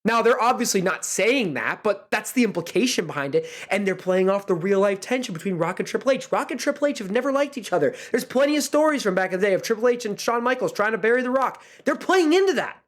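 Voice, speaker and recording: Animated young host gushing over wrestling. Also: mid-range voice. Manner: rapid, animated, swearing freely. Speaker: podcast host. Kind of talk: excited wrestling recap chat.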